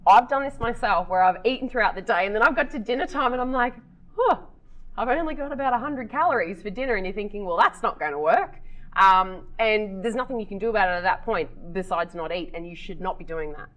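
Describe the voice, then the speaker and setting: A woman's voice: mid-range voice, quick pace, a bit bright, rough recording. A woman co-hosting a podcast, explaining things practically with a teasing edge. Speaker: podcast co-host, health professional. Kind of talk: casual chat.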